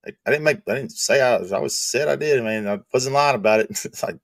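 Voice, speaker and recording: A man's voice: mid-range voice, fast talker, vocal fry, no room sound. Profane man telling stories, dry sound. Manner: profane, animated storytelling. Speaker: streamer host. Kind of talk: casual chat.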